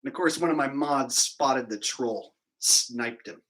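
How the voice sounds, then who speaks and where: A man's voice: medium pitch, a little slow, fairly bright tone. A man hosting a livestream, chatting casually, rambling and mocking, laughing at his own jokes. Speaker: livestream host.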